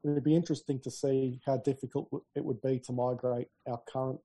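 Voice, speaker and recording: A man co-hosting a laid-back tech podcast tells stories and laughs easily as he chats. His voice is dark and medium-pitched, with a level tone and a quick pace.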